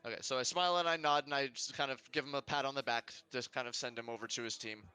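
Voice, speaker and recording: A man's voice: medium pitch, fast talker, bright, forceful tone, clean tone. A man playing a tabletop role-playing game, describing his character's actions and thinking aloud. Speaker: player.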